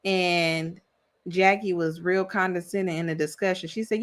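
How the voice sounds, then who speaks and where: A woman's voice: lowish voice, fairly even intonation, moderate pace. A woman giving a casual, sassy recap of a reality show, chatty and opinionated, with plenty of slang. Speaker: reality TV commentator.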